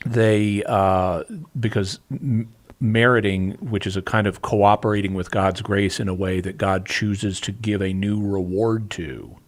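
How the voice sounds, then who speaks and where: A man answering callers' questions on a call-in radio show, explaining things in a measured way with occasional restarts. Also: on the low side, steady tone.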